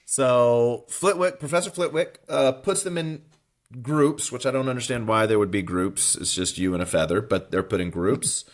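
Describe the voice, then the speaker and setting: Animated man reading quotes aloud. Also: mid-range voice, moderate pace. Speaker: podcast co-host. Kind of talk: casual book discussion podcast.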